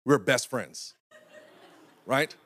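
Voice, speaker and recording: This young adult man, a pastor from North Carolina, takes it slowly in a medium-pitched, slightly bright voice. He preaches through conversational storytelling and keeps checking in with the congregation.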